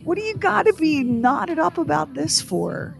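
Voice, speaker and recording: A woman co-hosting a radio show, ranting in a lively, opinionated way and chatting casually. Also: sits high, measured pace, gravelly, over music.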